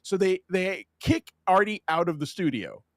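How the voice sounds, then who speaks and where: A man's voice: high-pitched, big pitch swings, moderate pace, no echo, clean studio sound. A man hosting a podcast, retelling a story in casual, profane chat. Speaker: podcast host.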